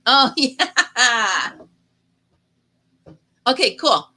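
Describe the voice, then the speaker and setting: A woman's voice: high-pitched, sing-song, drawn-out words, bright, forceful tone, low-quality recording. A middle-aged woman hosting a casual live chat stream, telling stories in a chatty way and laughing often.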